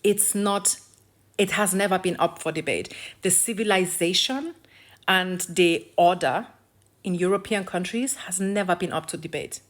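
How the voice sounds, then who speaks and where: A woman's voice: lowish voice, measured pace. Blunt, profane woman ranting on camera. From Africa. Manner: lecturing, repeats phrases for emphasis. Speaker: video creator. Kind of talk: ranting social commentary vlog.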